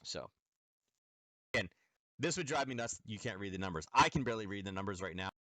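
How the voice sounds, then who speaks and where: A lowish, expressive male voice, a little fast and pushed bright, comes through with no echo. He runs a nightly live trading lesson, loosely walking viewers through charts with plenty of "um" and "like."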